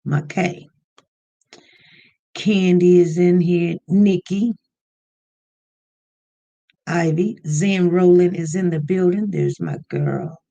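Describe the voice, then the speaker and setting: Unhurried livestream host greeting viewers. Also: medium pitch, sing-song, warm tone, dull audio. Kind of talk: casual live-stream chat greeting viewers.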